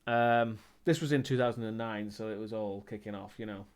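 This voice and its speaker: A man's voice: fairly low pitch, steady tone, a little fast. A man streaming live and chatting casually as he answers viewer questions, rambling and hesitant, with many ums and restarts.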